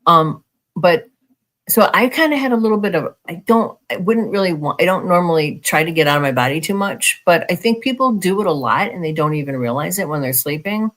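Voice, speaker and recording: Give me a podcast co-host chatting casually at a middle pitch, stopping and restarting, leaning hard on "like" and "you know what I mean". The delivery feels loose and unscripted. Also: lively intonation, a little fast, a bit bright. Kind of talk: casual conversation.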